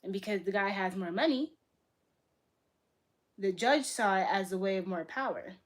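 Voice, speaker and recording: A young woman from Boston chatting casually on a livestream, answering her chat in a blunt, profane way that swings between loud bursts and soft asides. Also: medium pitch, animated, normal speed. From Boston, USA. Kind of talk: casual live-stream chat.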